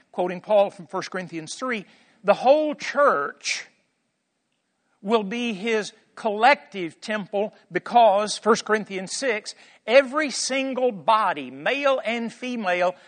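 High-voiced man preaching emphatically. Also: in a large hall. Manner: emphatic, swings between soft and loud; asks rhetorical questions. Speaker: preacher teaching scripture. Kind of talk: sermon.

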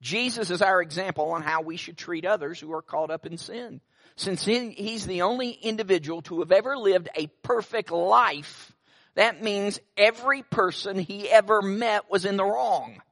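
A man's voice: high voice, normal speed, fairly bright tone. A middle-aged male pastor preaching a sermon, telling stories with wry asides.

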